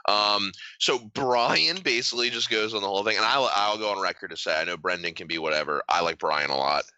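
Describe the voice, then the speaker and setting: A man's voice: on the low side, fairly quick, clear, resonant tone, no echo, dull audio. A young man co-hosting a podcast in casual chat, telling stories and acting out quotes in funny voices. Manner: animated storyteller, acts out quotes in voices. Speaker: podcast co-host.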